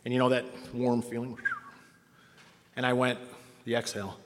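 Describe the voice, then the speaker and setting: Speaking at a moderate pace in a flat, medium-pitched voice, a middle-aged man gives personal testimony about his recovery to a meeting, frank and self-mocking throughout. A long hall reverb fills the recording, along with a little hiss or hum.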